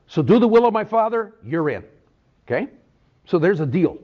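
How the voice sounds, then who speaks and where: A man teaching a Bible sermon in an animated way, often checking in with "okay?". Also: sits high, normal speed, pauses often. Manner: animated, peppers talk with "okay?". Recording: dull lo-fi recording.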